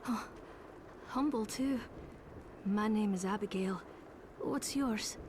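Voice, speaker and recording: Actress as a slow, high, gentle mourner in a game, ambient hiss behind. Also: female voice, natural voice. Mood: somber. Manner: soft, measured, gentle. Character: somber young village woman mourning the dead.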